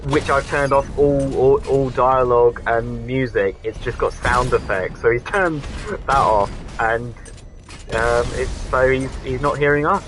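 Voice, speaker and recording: A man's voice: medium pitch, a little slow, fairly bright tone, rough recording. A man co-hosting a casual gaming podcast, chatty and rambling, restarting sentences and swearing now and then. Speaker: podcast co-host. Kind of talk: casual chat.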